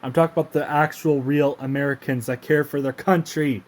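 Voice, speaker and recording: This is a brisk, somewhat high voice with a steady tone, belonging to a man from Canada who hosts his own channel. He's delivering an indignant, profane, casual rant to camera that keeps halting and restarting mid-sentence.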